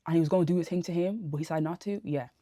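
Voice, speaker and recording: A woman giving a casual spoken TV review into a phone camera, ranting in an animated, exasperated way full of slang. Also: fairly low pitch, racing, no room sound, clean studio sound. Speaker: TV review vlogger. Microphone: phone camera held close.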